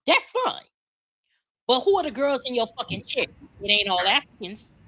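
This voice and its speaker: A woman's voice: a little high, big pitch swings, normal speed, fairly bright tone, husky. A woman delivering a furious, profane rant packed with repeated rhetorical questions.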